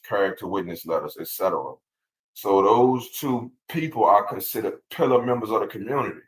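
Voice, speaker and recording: A man's voice: fairly low pitch, rough recording. A man hosting a casual livestream, reading legal text aloud and answering viewers' chat in a laid-back way with lots of repeated words. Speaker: channel host answering live chat.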